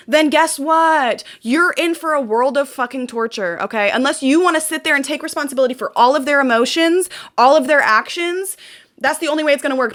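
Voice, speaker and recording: A woman's voice: sits high, fairly bright tone. A young woman hosting her own channel, ranting bluntly and emotionally, swearing often and repeating phrases for emphasis. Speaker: channel host. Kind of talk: emotional personal rant.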